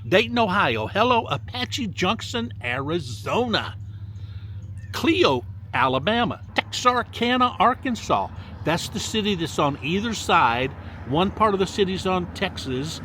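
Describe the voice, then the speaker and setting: A middle-aged man hosting a casual vlog outdoors, reading off viewer locations in upbeat, lively shout-outs. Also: high-pitched, unhurried. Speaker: vlogger host. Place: outdoors by a lakefront. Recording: faint outdoor background noise.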